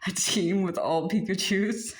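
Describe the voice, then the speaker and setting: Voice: mid-range voice, measured pace. A tarot reader giving a casual spoken spiritual reading, rambling with many filler words and often breaking into giggles. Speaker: tarot reader channeling messages.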